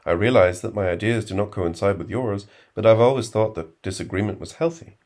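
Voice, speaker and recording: A man's voice: lowish voice, a little mellow, lightly acted. A man voicing a pompous, indignant young student. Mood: stiffly polite. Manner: stiffly formal, wheedling, quick to take offense.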